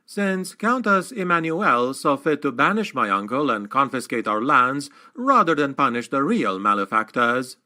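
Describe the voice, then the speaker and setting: A man's voice: mid-range voice, big pitch swings, moderate pace, hardly any pauses, pushed and bright. A man voicing a proud young noble heir in an audiobook, with refined, cultured speech.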